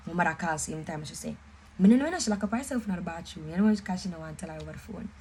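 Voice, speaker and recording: A woman's voice: lowish voice, rapid-fire, a little hiss or hum, low-quality recording. Jamaican woman telling her story. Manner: animated, emphatic, mixes patois and English. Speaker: vlogger. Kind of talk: casual storytelling.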